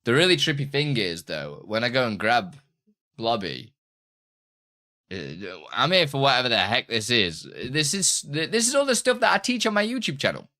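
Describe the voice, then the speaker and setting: A man's voice: mid-range voice, sing-song, normal speed, sharp tone. A man chatting casually on a live stream and teaching streaming, rambling with many restarts.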